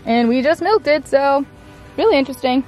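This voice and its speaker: Young woman rambling excitedly to camera out in a farm pasture, pretty high voice, keeps saying like. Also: a little fast, soft background music. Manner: chatty and excitable, full of "like" and "I don't know"; talks to her animals. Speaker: farm vlogger. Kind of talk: casual vlog chat to camera.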